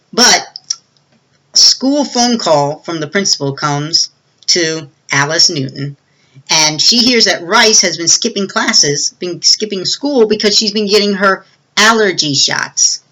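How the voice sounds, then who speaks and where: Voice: medium pitch, expressive, a little slow, pushed and bright, rough recording. A movie reviewer giving a casual, rambling plot recap with many fillers and restarts.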